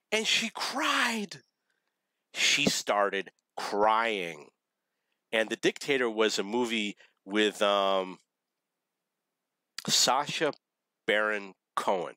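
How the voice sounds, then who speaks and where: A man's voice: fairly low pitch, sing-song, takes it slowly, pauses often, bright, forceful tone, no room sound, rough recording. A man casually telling dating stories in a rambling, self-correcting, wry way. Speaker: storyteller.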